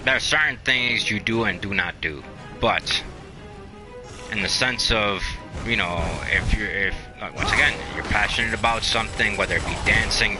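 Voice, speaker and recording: Rambling low-voiced gamer man. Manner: rambling, motivational, many fillers. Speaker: gaming channel host. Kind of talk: casual commentary while playing.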